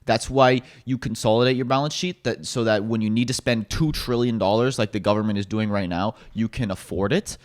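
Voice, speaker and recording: A man's voice: lowish voice, fairly even intonation, brisk, hardly any pauses. A man co-hosting a casual podcast discussion, opinionated and ranting, swearing now and then. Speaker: podcast co-host.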